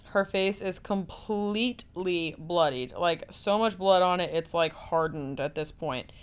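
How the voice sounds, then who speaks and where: A woman's voice: lowish voice, unhurried, clear, resonant tone. A young woman casually recapping a horror film's plot, talking loosely with lots of fillers and the odd swear word. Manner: casual, filler-heavy storytelling with frequent "like" and swearing. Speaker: film recapper.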